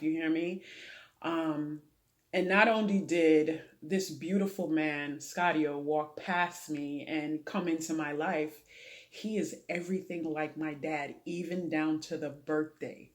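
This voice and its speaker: A woman guest on a talk show who talks earnestly about faith, prayer and her late father, giving advice the way a preacher would. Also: low voice. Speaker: interview guest. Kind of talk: heartfelt testimony in a talk show interview.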